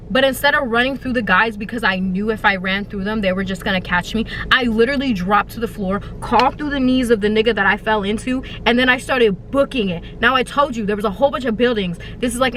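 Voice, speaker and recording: A young woman with a high, bright voice recounts a scary storytime for her channel. She talks in loose, profane slang and breaks into exaggerated wails and fake crying. A faint hiss sits under her voice. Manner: dramatic, swings into high wailing and mock crying. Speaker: YouTuber telling a storytime. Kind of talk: animated storytime vlog.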